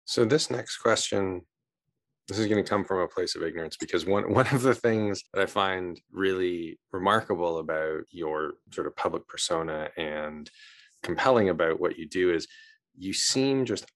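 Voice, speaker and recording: A man's voice: low voice, moderate pace, fairly bright tone, no echo. A man hosting an interview, asking thoughtful questions that he frames with careful hedges. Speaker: interviewer, host.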